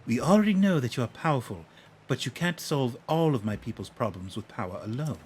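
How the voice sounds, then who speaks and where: A man voicing a young female chief who speaks in a formal, measured way. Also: medium pitch, lively intonation, over music, natural voice. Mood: regal.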